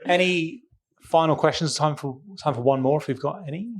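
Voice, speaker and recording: A man's voice: fairly high pitch, moderate pace. A man acting as MC at a live event, wrapping up questions and thanking guests in an upbeat way. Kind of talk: hosting announcements.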